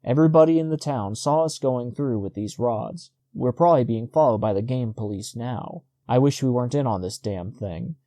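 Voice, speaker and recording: A man playing a worried young husband, speaking quietly with a guarded strain. The voice is warm and mellow, close and dry in the recording. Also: mid-range voice, normal speed, few pauses, dry recording, natural voice. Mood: uneasy.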